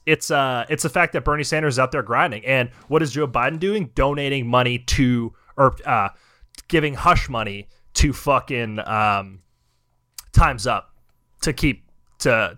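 A man's voice: mid-range voice, sharp tone. A young man hosting a podcast, ranting in heated, profane casual chat. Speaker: podcast host.

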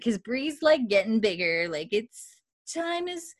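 A woman's voice: on the high side, very animated, unhurried, no room sound, studio quality. A woman co-hosting a podcast, chattily retelling a television episode scene by scene, with lots of "like" and small laughs. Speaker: podcast co-host. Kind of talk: casual episode recap chat.

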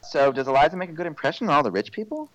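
A man's voice: on the high side, animated, racing, a bit bright, no room sound, poor audio. A man chatting casually with a co-host about a musical, asking wry, joking questions. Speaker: podcast co-host.

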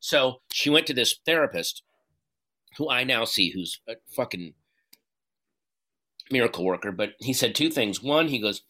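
A man being interviewed, speaking candidly and earnestly in halting bursts, with frequent restarts and some swearing. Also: medium pitch. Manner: earnest, halting, profane, animated retelling. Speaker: guest.

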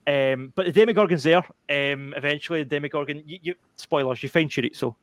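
A young man on a gaming podcast, telling a long story in a rambling, animated way with lots of fillers and restarts. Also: on the high side, quick pace, dry recording. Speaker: podcast panelist. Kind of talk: casual chat.

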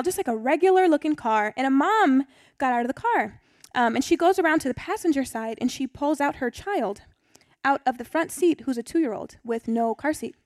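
A young woman with a lilt talks through a personal testimony in a chatty, um-filled way before turning to scripture for her Bible study. Her voice sits high. The sound is dry and close, with no room around it. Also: dry recording. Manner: chatty, storytelling, frequent ums.

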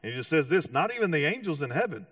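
A man preaching a sermon with animated storytelling, acting out voices and often restarting his sentences. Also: a little high, fast, no room sound, clean studio sound, recorded from a distance. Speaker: pastor.

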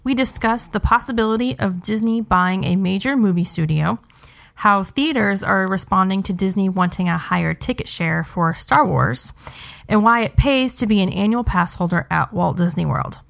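A woman's voice: medium pitch, lively intonation, normal speed, gravelly. A young adult woman hosting a podcast, chatting in an upbeat casual way with frequent ums. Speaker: podcast host.

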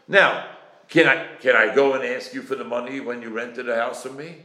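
A man's voice: medium pitch, fairly even intonation, normal speed, sharp tone. A man in his forties teaching a Talmud class, acting out creditor and debtor exchanges. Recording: echoey room.

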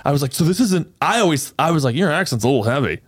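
A man hosting a podcast, telling stories in a casual, animated way with frequent laughter. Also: on the high side, fast talker, breathy edge, no echo, studio quality. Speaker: podcast host. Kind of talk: casual storytelling chat.

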